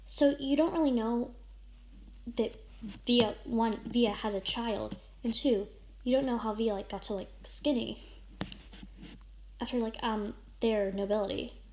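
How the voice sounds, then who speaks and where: A woman with a high voice reads a friend's story aloud in an over-the-top, melodramatic way, breaking off for casual remarks. The recording has a steady layer of noise under her voice. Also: a little slow, long pauses. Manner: over-the-top dramatic reading, shouts and sobs in the big lines. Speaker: vlogger reading a friend's writing.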